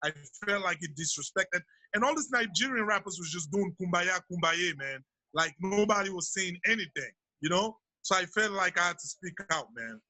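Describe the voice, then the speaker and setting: A man from Sierra Leone talks through an interview about his rap career, easygoing and conversational. His voice sits high and very bright. The sound is close and dry. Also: animated, normal speed, hardly any pauses, no room sound, poor audio. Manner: laid-back, peppers speech with "you know what I mean". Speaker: rapper being interviewed. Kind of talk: casual interview talk.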